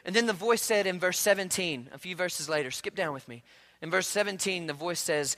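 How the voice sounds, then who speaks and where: A male pastor preaching a sermon in a relaxed, conversational storytelling way, often repeating words as he goes. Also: sits high, brisk, long reverb tail.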